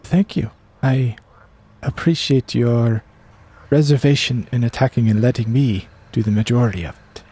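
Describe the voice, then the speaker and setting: Man doing eager young male apprentice, gravelly, husky edge, lifted voice. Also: medium pitch, normal speed, warm tone. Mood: grateful. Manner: earnest, hopeful.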